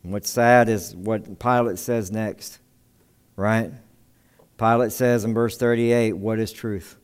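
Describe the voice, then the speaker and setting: A man's voice: lowish voice, fairly even intonation, slow pace, smooth. A man preaching a sermon, reading scripture and asking the congregation rhetorical questions. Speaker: pastor.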